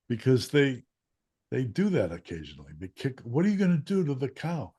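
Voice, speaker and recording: A man telling a childhood story in casual conversation, animated and acting out quotes, with occasional coughs. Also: medium pitch, fairly quick, slightly rough. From Chicago area. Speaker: guest, former newspaper columnist.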